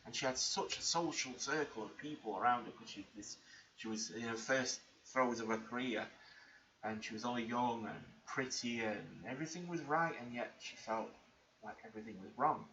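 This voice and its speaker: A man's voice: mid-range voice, moderate pace, pushed and bright. A man vlogging, telling an emotional personal story in an earnest, rambling way with many restarts. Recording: muffled lo-fi recording with faint background hiss.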